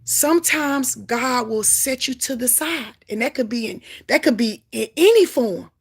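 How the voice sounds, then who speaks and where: A woman with a high, husky voice delivers a Christian testimony like a sermon. She is fervent and repeats her points for emphasis. Her delivery swings between loud exclamations and quiet, low asides. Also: lively intonation, a little slow. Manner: emphatic repetition. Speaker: Christian author sharing testimony. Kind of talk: preaching testimony to camera.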